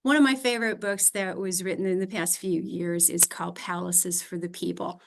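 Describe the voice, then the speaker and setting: A woman's voice: fairly low pitch, steady tone, moderate pace, vocal fry, a little hiss or hum. Chatty woman presenting to a group. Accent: Upper Midwest American. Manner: friendly, chatty, with fillers and small laughs. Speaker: library director giving a talk. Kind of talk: casual presentation.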